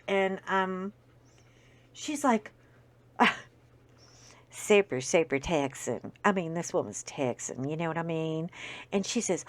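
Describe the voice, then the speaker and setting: A woman's voice: lowish voice, takes it slowly, pauses often. A woman hosting a casual crafting video, telling an anecdote with many fillers and acted-out quotes. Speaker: video host. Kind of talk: casual storytelling while diamond painting.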